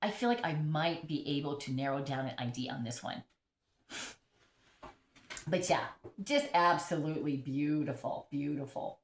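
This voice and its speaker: A woman's voice: deep voice, normal speed, long pauses, reverberant. A middle-aged woman chatting casually about her houseplants at home, rambling and laughing often while getting over an illness. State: recovering from illness. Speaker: houseplant vlogger. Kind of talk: casual chat. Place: home full of plants.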